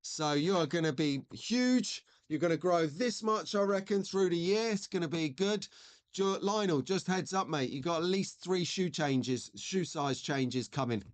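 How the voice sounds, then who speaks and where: A man's voice: fairly high pitch, a little slow. A man in his forties hosting a live stream, chatting in a rambling way and reading out viewer messages. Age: 40s. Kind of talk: casual live-stream chat.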